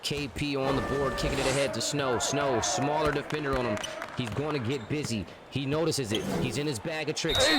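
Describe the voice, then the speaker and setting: A man calls a simulated basketball game live, excitable and chatty, throwing in jokes and arguing with the calls. His voice sits a little higher than most men's. Loud game crowd noise runs behind him the whole time. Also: moderate pace. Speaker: play-by-play commentator. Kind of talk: live sports commentary over a video game.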